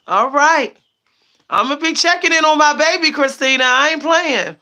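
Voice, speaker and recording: A woman's voice: high-pitched, a little slow, sharp tone. A young woman chatting casually on a livestream as a psychic, laughing often and repeating herself for emphasis.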